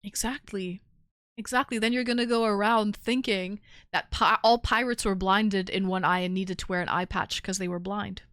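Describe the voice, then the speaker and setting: A woman's voice: mid-range voice, fairly even intonation, moderate pace, a bit bright, dry recording. Chatty woman streamer, dry sound. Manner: chatty, laughs easily, reads chat aloud. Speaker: streamer hosting a call-in show. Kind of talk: casual chat.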